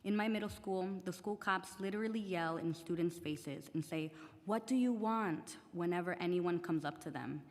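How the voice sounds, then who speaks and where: A woman's voice: on the low side, steady tone, moderate pace, few pauses. A teenage girl, English not her first language, earnestly reading prepared testimony at a public hearing. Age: teen. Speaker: student testifying. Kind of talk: prepared testimony read aloud. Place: council chamber. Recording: long reverb of a large chamber.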